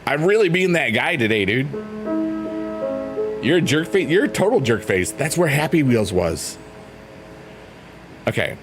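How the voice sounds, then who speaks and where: Animated, rambling male streamer. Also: mid-range voice, measured pace, long pauses. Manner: rambling, playful, teasing. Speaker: livestreamer reading chat. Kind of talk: casual livestream chat. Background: faint piano music.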